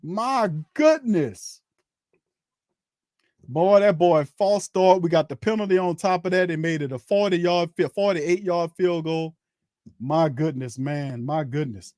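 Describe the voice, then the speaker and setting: A man's voice: moderate pace, mellow, no echo, studio quality. Exasperated man calling a game live. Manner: exasperated, laughing, rising to high-pitched disbelief. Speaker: host giving live game commentary. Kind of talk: casual watch-party play-by-play commentary.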